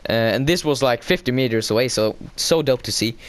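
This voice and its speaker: A man casually recapping a show episode. He hesitates a lot, fills pauses with "uh" and "um", corrects himself, and gets excitable as he retells the scenes. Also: medium pitch, clean tone, no room sound. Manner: hesitant, heavy fillers and self-corrections.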